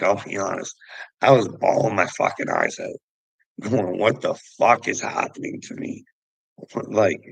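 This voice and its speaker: A vlogger with a deep, gravelly yet fairly bright voice tells a personal story to camera, rambling and profane and often laughing along the way. The recording is low quality but has no echo.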